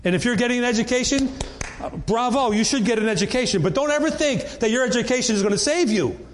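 High-voiced earnest man preaching. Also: animated, quick pace, a little hiss or hum. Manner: earnest, conversational preaching with frequent restarts. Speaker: pastor. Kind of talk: sermon.

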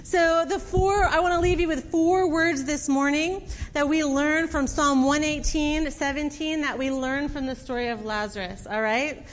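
Woman preacher, high voice, conversational sermon storytelling, church hall reverb, faint noise. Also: steady tone, normal speed. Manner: conversational, fillers and acted quotes.

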